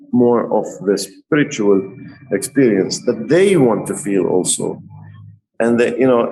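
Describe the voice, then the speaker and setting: A middle-aged man, a tattoo artist guest on a podcast, telling stories in an animated way and often laughing. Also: medium pitch, rough recording. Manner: laughs often, lively retelling. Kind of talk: animated storytelling.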